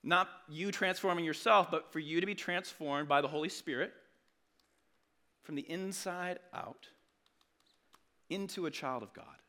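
A man's voice: fairly high pitch, a little slow, pauses often, sharp tone. A man preaching a sermon as a pastor, conversational and earnest, with frequent restarts.

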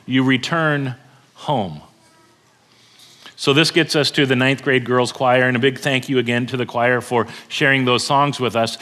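A middle-aged male pastor giving a sermon, telling a story earnestly and slowing down to stress key words. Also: fairly high pitch, fairly bright tone. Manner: earnest storytelling, slows down for emphasis.

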